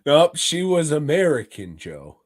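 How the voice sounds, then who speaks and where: A man co-hosts a casual podcast with an unhurried delivery. His pitch swings widely as he tosses in sarcastic, profane asides, and he laughs easily. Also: huge pitch swings. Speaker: podcast co-host. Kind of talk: casual chat.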